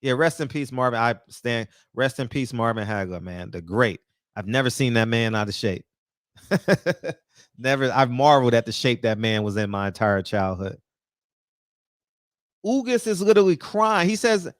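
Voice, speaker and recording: A man giving an animated, preachy boxing rant, talking straight to the viewers. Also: medium pitch, normal speed, dry recording, clean studio sound. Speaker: boxing commentator. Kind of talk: casual opinion rant.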